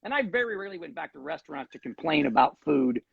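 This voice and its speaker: A man casually telling animated anecdotes as a guest, with a husky voice. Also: on the high side, quick pace, dry recording, narrow, tinny audio. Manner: animated anecdotes with acted quotes. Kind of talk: casual storytelling.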